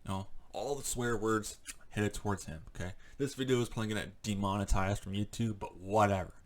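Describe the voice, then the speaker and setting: A man's voice: lowish voice, steady tone, a little fast. A man ranting angrily in a vlog, profane and rambling, full of fillers, still shaken after a confrontation. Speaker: vlogger. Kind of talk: angry ranting monologue.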